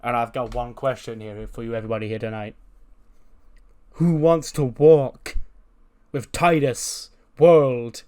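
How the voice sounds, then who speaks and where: A self-satisfied wrestler who strums a guitar, as a man puts him on. He draws out his words and pauses for effect like a showman. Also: medium pitch, fairly even intonation, darkish tone, clean tone, lightly acted. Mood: smug. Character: smug male wrestler-musician with guitar.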